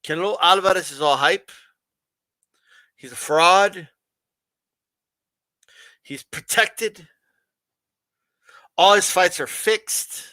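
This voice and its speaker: A man's voice: high voice, unhurried, long pauses, pushed and bright, no echo. A man hosting a boxing channel, ranting sarcastically with profanity and frequent laughs. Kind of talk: sarcastic commentary rant.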